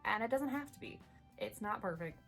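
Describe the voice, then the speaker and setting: A young woman telling a funny story to camera in a casual vlog, animated and laughing between lines. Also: medium pitch, a little fast. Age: young adult. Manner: animated, laughs through the story, chatty asides. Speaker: vlogger. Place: bedroom at home. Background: soft background music.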